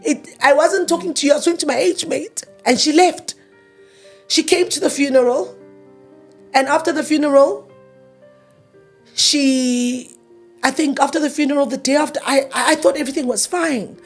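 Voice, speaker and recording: A woman's voice: high-pitched, normal speed, pauses often, soft background music. A grieving woman in her thirties tells her story in an interview, emotional and repeating herself as she acts out past arguments in quoted dialogue. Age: 30s. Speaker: interview guest.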